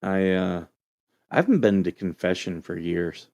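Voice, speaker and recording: A man who served as a Marine, hosting a casual call-in show and telling a story in a relaxed, rambling way with lots of fillers. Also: low-pitched, normal speed, no room sound, muffled recording. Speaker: show host, Marine veteran.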